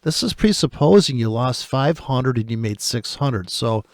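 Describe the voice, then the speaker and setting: A man's voice: mid-range voice, expressive, moderate pace, no echo, clean studio sound. A man giving profane, rambling commentary on forex trading, ranting and laughing as he breaks off his own sentences. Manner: profane, ranting, laughs often, self-interrupting; swings from muttering to loud outbursts.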